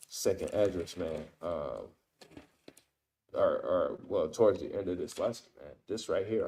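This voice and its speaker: Low, mellow man teaching scripture. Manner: casual, peppers talk with "man" and "right?"; reads verses aloud then explains them. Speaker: Bible teacher. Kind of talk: informal scripture study lesson.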